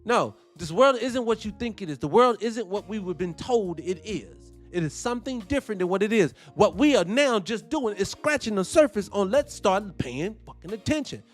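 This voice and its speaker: A man hosting casual reaction commentary, animated and profane, firing off rhetorical questions. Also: high-pitched, moderate pace, soft background music. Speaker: host.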